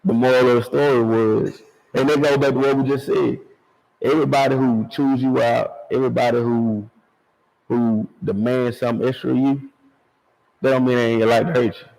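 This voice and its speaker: A man's voice: mid-range voice, fairly even intonation, moderate pace, gravelly, a little mellow, rough recording. A football coach talking casually in an interview, telling stories and repeating "man" and "you know.". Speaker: high school football head coach. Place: outdoors at a stadium.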